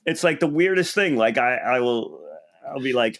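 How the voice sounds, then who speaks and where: A man co-hosting a comedy podcast in loose, casual chat. His middle-pitched voice rambles, stumbles into restarts and pokes fun at himself. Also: animated. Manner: rambling, self-deprecating, halting restarts.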